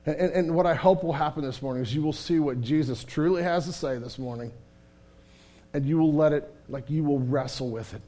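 High-voiced man preaching a candid sermon. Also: a little fast. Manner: candid, conversational preaching with frequent restarts; swings from hushed and somber to loud and animated. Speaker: pastor.

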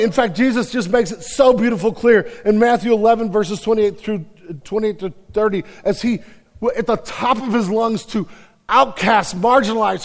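Pastor guy preaching, kinda high voice, slangy, repeats words, goes from loud to real quiet, big echoey hall. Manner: preaching with swings from loud urgency to hushed intimacy. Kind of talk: sermon. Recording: long reverb of a large hall.

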